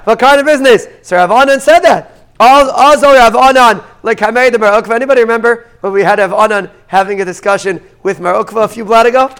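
A man gives a daily Talmud class, reading the Aramaic text and unpacking it in English. His voice sits high and sounds clean and resonant. He keeps it lively with rhetorical questions. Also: fairly quick, smooth. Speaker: Talmud teacher.

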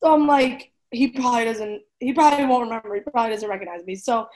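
A bubbly young woman in her twenties, co-hosting a podcast in easy, casual chat. Her voice sits a little high, and she giggles often, saying "like" constantly as she tells a story. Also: fast talker, crowd noise. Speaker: podcast co-host.

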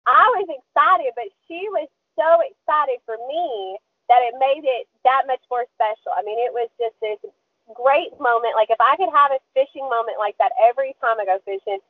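A young woman guest on a podcast, telling a fishing story in a lively, chatty way and laughing often. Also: sits high, moderate pace. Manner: lively, laughs often, squeals when quoting. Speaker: podcast guest, kayak angler. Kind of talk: casual storytelling interview. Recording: tinny phone-line audio.

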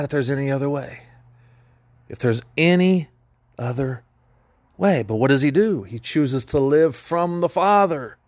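A man's voice: on the high side, dry recording. A man hosting a Christian teaching podcast, talking in an earnest, emphatic preaching manner. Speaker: podcast host.

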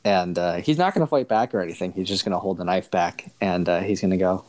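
A man playing a tabletop game, describing his character's actions in a halting way, full of fillers. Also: low-pitched, a little mellow. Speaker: player.

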